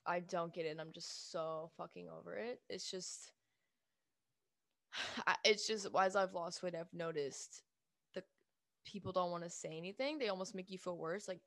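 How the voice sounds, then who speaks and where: A woman's voice: fairly low pitch, steady tone, normal speed, creaky, fairly bright tone, no echo, studio quality. A young adult woman ranting casually to her viewers, blunt and emphatic, swearing freely and filling her speech with "like". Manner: speaks with lots of "like" fillers. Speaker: vlogger. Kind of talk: casual rant to camera.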